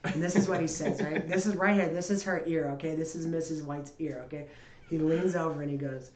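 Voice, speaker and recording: Podcast co-host, woman with a lower voice, profane and animated, roomy echo. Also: fairly quick. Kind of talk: casual chat. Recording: echoey room.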